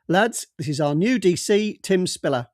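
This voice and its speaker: A brusque, jovial middle-aged police boss, voiced by a man in an audiobook, booming out orders and brushing aside interruptions. His voice sits fairly high and is raised well above plain talk. The sound is dry and close. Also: expressive, moderate pace, dry recording. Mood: bluff, bossy. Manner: loud, bluff and bossy, cuts others off. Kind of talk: audiobook character voice.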